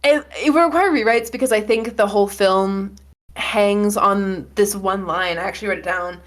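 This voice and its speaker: A woman co-hosting a film podcast, talking through her views in long, quick run-on analysis with fillers. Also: medium pitch. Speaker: podcast co-host. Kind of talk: casual film discussion.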